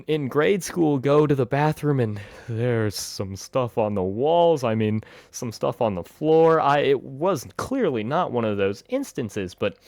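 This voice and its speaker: Animated male storyteller. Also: medium pitch, unhurried, dry recording, clean studio sound. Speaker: vlogger. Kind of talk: storytime vlog.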